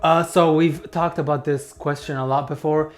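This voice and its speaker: A man's voice: fairly high pitch, steady tone, normal speed, reverberant, long reverb tail, close to an everyday voice. Parody bit: man putting on a rambling, smug family-vlog dad, mock-earnest.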